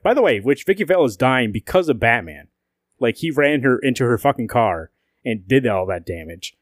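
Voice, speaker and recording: A man's voice: mid-range voice, a little fast, no echo, clean studio sound. A man co-hosting a casual comic book podcast, swearing and acting out lines from the comics. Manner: animated, swears a lot, acts out quotes. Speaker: podcast co-host.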